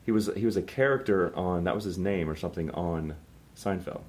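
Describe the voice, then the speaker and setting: Low-voiced Ohio man telling stories. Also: a little fast, darkish tone. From Northeast Ohio. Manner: self-deprecating storyteller, easygoing. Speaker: podcast guest. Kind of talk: casual chat.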